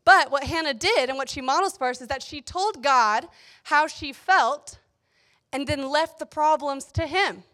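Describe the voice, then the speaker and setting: A young woman giving a casual devotional talk, chatty and animated, telling stories with playful asides. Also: sits high, unhurried. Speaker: youth speaker.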